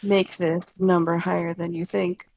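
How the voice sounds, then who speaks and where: A woman's voice: lowish voice, level tone, moderate pace, vocal fry, crowd noise. A woman playing a tabletop game, talking casually with a joking, hesitant manner. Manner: joking, hesitant, self-correcting. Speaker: player.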